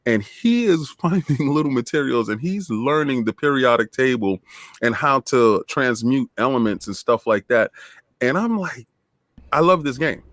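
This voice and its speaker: Animated storytelling podcast host, man. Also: mid-range voice, moderate pace, no echo. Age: adult with a nine-year-old son. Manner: animated storyteller who acts out dialogue. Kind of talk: casual podcast chat.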